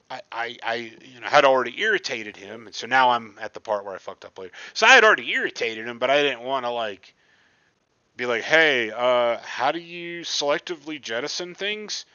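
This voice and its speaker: A man's voice: medium pitch, sharp tone, no echo, muffled recording. A man telling a casual, self-deprecating story about his flight sim session, rambling and swearing freely. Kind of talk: casual storytelling over gameplay.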